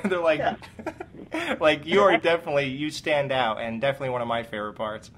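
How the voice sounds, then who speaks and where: A man's voice: on the high side, a little fast, fairly bright tone, a little hiss or hum. A man hosting a casual interview, enthusiastic and laughing often. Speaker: podcast host.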